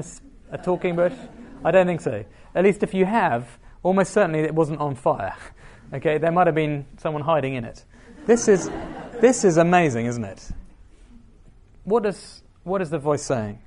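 A man's voice: sits high, a little mellow. A man preaching a sermon, reading scripture aloud and asking the listeners questions.

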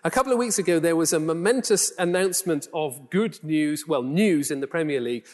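Male preacher, softened Geordie accent, slightly higher voice, chatty sermon delivery, long hall reverb. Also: fairly quick. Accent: Geordie, toned down. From Newcastle, England. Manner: conversational, rhetorical questions, self-deprecating asides.

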